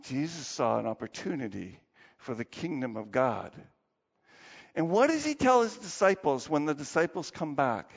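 A male pastor preaching a sermon with animated storytelling, closing in quiet prayer, in a dull recording with long hall reverb. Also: a little high, normal speed, creaky, husky.

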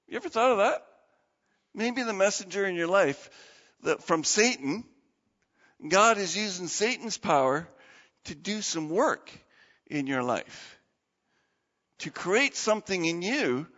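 A male pastor giving an animated, dramatic sermon in a church and asking the congregation questions. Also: sits high, unhurried, long reverb tail, muffled recording.

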